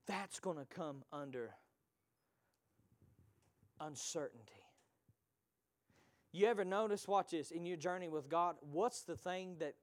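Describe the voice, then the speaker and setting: A man preaching a sermon to his congregation, moving between hushed whispers and shouted peaks and calling out to the listeners directly. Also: on the high side, no room sound. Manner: call-and-response preaching, addresses congregation directly.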